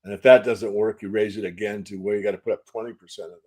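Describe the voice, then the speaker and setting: An older man answering interview questions as a market analyst, measured and folksy, repeating phrases for emphasis. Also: fairly low pitch, fairly even intonation, a little mellow. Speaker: silver market analyst guest.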